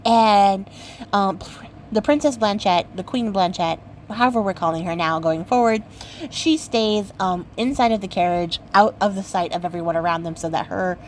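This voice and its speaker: A young woman who hosts a craft channel retells a fairy tale casually, chatty and playful with plenty of fillers. Her voice is mid-range at a normal speed, captured in a low-quality recording with slight background noise.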